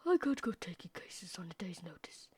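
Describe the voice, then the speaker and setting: A woman voicing a pompous, evasive older male lawyer with a drawn-out, theatrical delivery. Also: fairly low pitch, sing-song, a little mellow, husky, in a whisper, full character voice.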